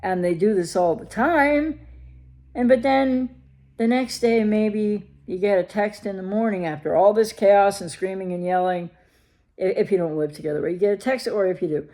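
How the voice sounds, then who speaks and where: A woman's voice: medium pitch, animated, normal speed, warm tone. A woman recovery coach talking straight to her viewers, emphatic and full of rhetorical questions. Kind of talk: direct-to-camera advice talk.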